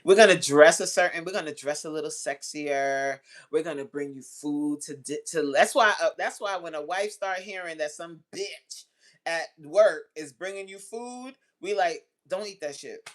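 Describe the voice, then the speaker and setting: Blunt, animated woman host chatting. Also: low voice, normal speed. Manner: animated, blunt and profane, laughs often; acts out quoted voices while telling stories. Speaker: host answering chat messages. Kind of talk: casual livestream chat.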